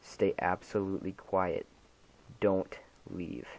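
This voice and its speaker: A man's voice: low voice, flat delivery, slow pace, creaky, darkish tone, full character voice. A man voicing a firm, commanding police officer answering a call in a dramatic reading of a horror story. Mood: urgent firm. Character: stern male police officer on phone duty.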